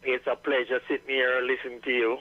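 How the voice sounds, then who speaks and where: A man calling in to a radio show, talking slowly and loosely with many fillers. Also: mid-range voice. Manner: slow, relaxed, full of fillers. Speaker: caller joining the show. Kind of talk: casual radio chat. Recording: dull lo-fi sound.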